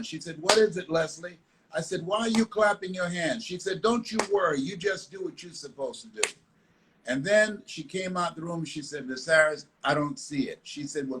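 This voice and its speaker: An older American motivational speaker tells stories during a live online interview, emphatic and prone to repeating himself. His voice is fairly high and fairly bright, captured roughly over a live video call.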